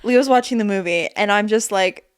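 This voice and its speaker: A young woman in her twenties co-hosting a podcast, telling animated stories with lots of swearing. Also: mid-range voice, normal speed, clean tone. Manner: animated storytelling, swears freely, acts out quotes. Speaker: podcast co-host. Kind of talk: casual chat.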